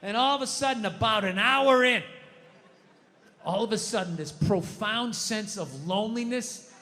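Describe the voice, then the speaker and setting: A man in his fifties does stand-up on a live stage, telling stories in a profane, ranting way. His voice is high, bright and forceful at a normal speed, and the echoey hall carries faint noise.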